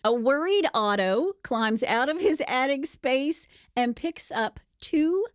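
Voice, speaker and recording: A woman's voice: high voice, lively intonation, takes it slowly, clear, resonant tone, dry recording, studio quality. A woman co-hosting a podcast, telling a true crime story casually and acting out the quotes with playful voices.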